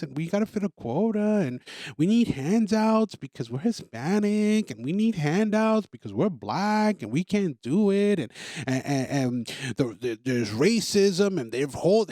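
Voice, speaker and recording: A man's voice: high voice, darkish tone, no room sound, clean studio sound. A man hosting a talk show, delivering an opinionated monologue in an emphatic way, repeating himself and stammering on restarts. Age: adult parent. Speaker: podcast host.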